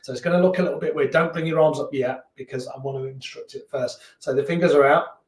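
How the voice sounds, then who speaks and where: A man teaching a beginner yoga class in a relaxed, chatty, encouraging way that sometimes laughs at himself. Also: fairly high pitch, fast talker. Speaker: yoga instructor. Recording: echoey room, voice from a distance.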